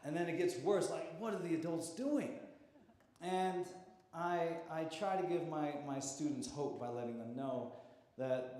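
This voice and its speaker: A man's voice: a little high, mellow. Earnest man in an echoey hall. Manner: heartfelt storytelling, repeats words while speaking. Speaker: teacher. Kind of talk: public speech at a town hall. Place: large hall. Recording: echoey hall with long reverb.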